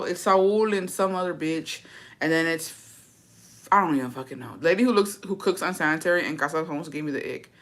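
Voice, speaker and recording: Chatting to camera with her viewers, this vlogger speaks in a lowish voice with a sharp tone. She swears, plays up the drama, and slips Spanish phrases into her English.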